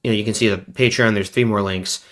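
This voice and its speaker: A man's voice: fairly low pitch, steady tone, fast talker. A man hosting a livestream, chatting casually and rambling with wry asides. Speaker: host.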